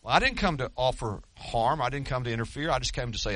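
A man's voice: medium pitch, animated, fast talker, hardly any pauses, fairly bright tone, dry recording. A middle-aged man preaching a sermon as pastor, telling stories earnestly with self-deprecating humor.

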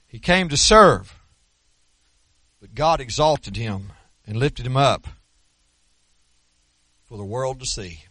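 A man preaching a sermon as pastor, emphatic and folksy, slowing down to stress scripture. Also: medium pitch, animated, pushed and bright, no room sound. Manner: folksy, with colloquial asides and repeated words.

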